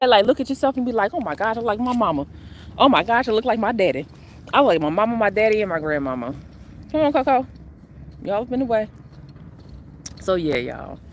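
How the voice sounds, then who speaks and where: A woman's voice: a little high, fairly quick, pauses often, a little hiss or hum. A woman talking casually and animatedly to viewers as she walks outdoors, filming on a phone. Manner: chatty, animated, addresses viewers as y'all. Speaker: spiritual coach vlogger. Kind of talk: casual spiritual vlog talk.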